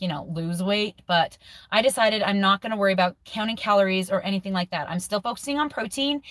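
Close to tears, a vlogger in her forties speaks candidly in a personal video diary, thinking aloud and sometimes restarting her sentences. Her medium-pitched voice has a fairly bright tone, and the recording is dry.

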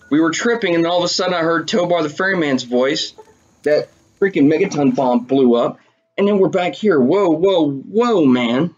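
A man giving casual commentary over a video game, excitable and swearing often as he talks to his viewers. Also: a little high, normal speed, dull audio. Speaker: let's play gamer.

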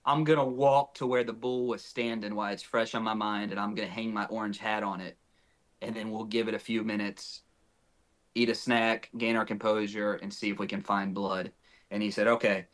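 In a lowish voice at a moderate pace, a young man from north Texas tells a story as a guest on a podcast. It's casual and animated, and he acts out whatever dialogue he quotes.

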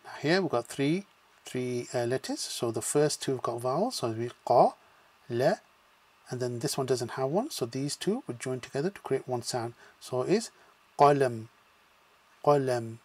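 A man with a medium-pitched, slightly mellow, husky voice and lively intonation talks at normal speed. In a slow spoken lesson for language beginners, he patiently breaks words into syllables, blends them back together, and keeps checking in with "okay."

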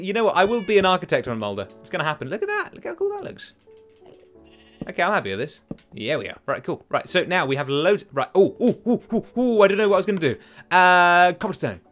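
Excitable young man gaming. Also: on the high side, brisk, soft background music. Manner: chatty, excitable, self-mocking, sings silly chants. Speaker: gaming channel host. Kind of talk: casual let's play commentary.

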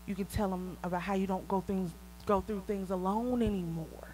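A woman with a Southern US accent preaching a conversational sermon, laughing often and rising to excited peaks. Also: medium pitch, moderate pace, a little hiss or hum, rough recording. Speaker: prophetess preaching.

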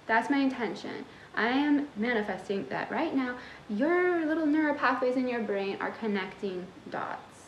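A woman's voice: fairly high pitch, lively intonation, normal speed, lo-fi sound, a little hiss or hum. Sassy tough-love woman coach, echoey room. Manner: sassy, tough-love, talks straight to the viewer. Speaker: manifestation coach. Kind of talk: motivational talk to camera.

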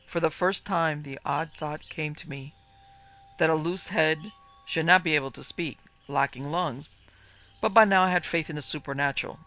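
A woman narrating a first-person dark fantasy story with vivid, dramatic delivery. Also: sits low, normal speed. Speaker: narrator and producer.

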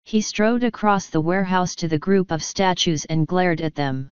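A woman narrating an audiobook in a steady, measured reading. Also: on the low side, clean tone, no echo, dull audio.

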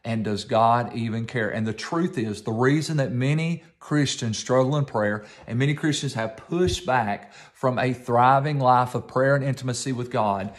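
Male pastor, mid-pitched voice, emphatic sermon delivery with repetition. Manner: emphatic preaching with repetition and slowed stress.

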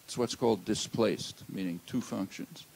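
An older man giving an academic lecture in a lecture hall, measured and halting, with many "uh" fillers. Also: lowish voice, a little mellow, slight background noise. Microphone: handheld or lectern mic.

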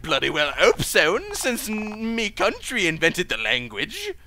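Man voicing a loud, bright, bragging British passerby for a game stream, faint hiss behind. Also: sits high, huge pitch swings, measured pace, voice pushed up, heavily acted. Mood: boastful. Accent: British (put on). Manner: brash, chummy, slangy. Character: boastful British bloke, proud veteran.

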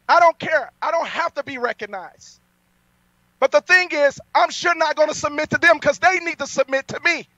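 A man preaching a fiery sermon, boastful and defiant, his voice climbing to loud peaks. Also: very high voice, dry recording. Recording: dull lo-fi sound, dry.

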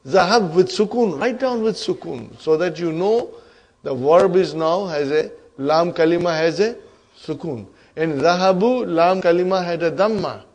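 A man's voice: high-pitched, moderate pace, a little mellow. A man teaching an Arabic grammar lesson to a class, often checking in with "huh?" and "are you with me?".

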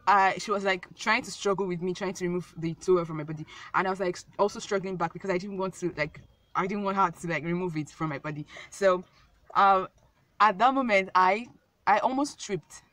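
A woman's voice: mid-range voice, normal speed, a bit bright, no echo. A young woman telling a casual storytime vlog, rambling and repeating herself with many fillers. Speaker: vlogger.

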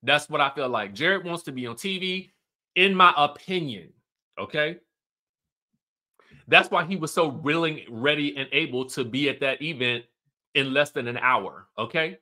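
A man's voice: a little high, normal speed, sharp tone. A man hosting casual reality TV recap commentary, chatty and emphatic. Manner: chatty, emphatic, keeps asking "okay?".

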